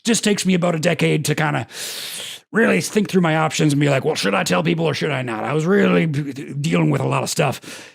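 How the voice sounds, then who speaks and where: A man putting on a middle-aged male radio ranter giving a rambling, faux-sincere confession full of fillers, in a gravelly husky voice. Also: a little high, fast, heavily acted. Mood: mock-sincere.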